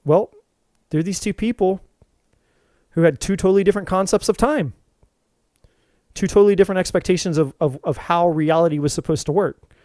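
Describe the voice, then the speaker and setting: Man, spiritual vlog host, animated storyteller, profane, fairly high voice, mellow tone, dry sound. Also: fairly quick, long pauses, no room sound. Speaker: tarot reader and spiritual channel host. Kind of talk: unscripted spiritual talk to camera.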